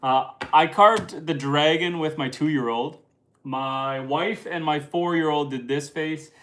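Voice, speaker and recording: A man's voice: a little high, slow, a bit bright. A man from northern Canada hosting a casual homestead live stream and reading viewer comments aloud in an easygoing way. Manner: easygoing, reads out chat messages.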